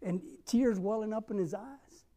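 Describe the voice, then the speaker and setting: A young man preaching a sermon, telling a personal story and acting out the dialogue with lively energy. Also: sits high, normal speed. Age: young adult. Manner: repeats a rallying question.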